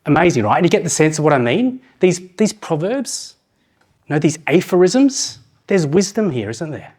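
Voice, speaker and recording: A middle-aged man giving a conference talk, asking the audience questions and slowing down to read proverbs aloud. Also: on the high side, sing-song, darkish tone. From New Zealand. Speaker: conference speaker.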